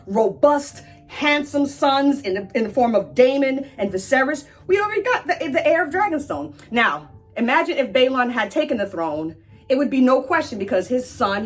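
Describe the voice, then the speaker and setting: A woman's voice: fairly high pitch, slightly rough. A woman hosting a casual explainer, chatty and irreverent, who swears now and then. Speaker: pop-culture explainer host.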